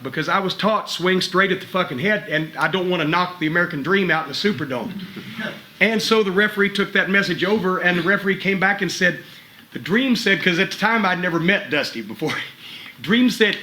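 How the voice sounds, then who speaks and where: A man's voice: high-pitched, brisk, pushed and bright, a little hiss or hum. Blunt, profane middle-aged man coaching. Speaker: wrestling trainer giving a seminar. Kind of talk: blunt coaching talk with stories. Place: wrestling school gym.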